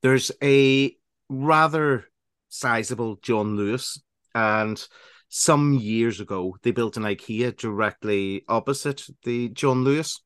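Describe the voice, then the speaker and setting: A man's voice: mid-range voice, slow pace, a bit bright, smooth, dry recording, studio quality. A man hosting a casual radio chat show, rambling and laughing as he talks, with many restarts.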